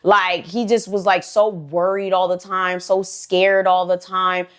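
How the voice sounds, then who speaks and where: A woman's voice: fairly low pitch, flat delivery, a little slow. A woman hosting a storytime channel, telling a story casually with lots of slang, "like" fillers and swearing.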